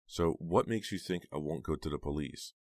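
A man's voice: sits low, expressive, fairly quick, no echo. A man voicing an upset, frightened teenage girl in an audiobook reading, pleading and crying out. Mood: shocked. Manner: pleading, upset, rising to cries. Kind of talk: audiobook character voice.

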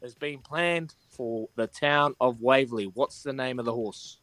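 A man's voice: medium pitch, measured pace, a bit bright, no room sound. A man hosting a breakfast radio quiz, cheery and matey as he counts down the answers.

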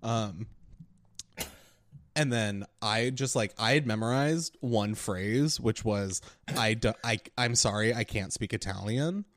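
A young man co-hosting a podcast, telling a story in casual chat, animated and full of filler words, acting out the quotes. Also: lowish voice, slow pace. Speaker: podcast co-host.

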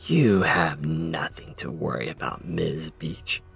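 A man voicing a severe, cold male villain who speaks calmly and deliberately. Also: extremely low pitch, creaky, slightly rough, faint music behind, exaggerated voice.

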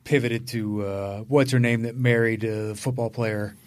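A man's voice: mid-range voice, fairly even intonation, moderate pace, slight background noise. Opinionated man raving about films. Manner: enthusiastic, opinionated. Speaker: podcast co-host. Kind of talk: casual chat.

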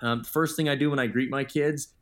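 A man's voice: medium pitch, fairly even intonation, brisk, fairly bright tone. A man in his thirties, a guest author telling stories in an earnest, upbeat way in a podcast interview.

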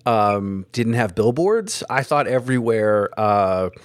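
A man from Vermont hosting a podcast, chatting with a guest in a relaxed, chummy way and laughing along. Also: lowish voice, slow, dry recording. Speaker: podcast host. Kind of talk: casual interview chat.

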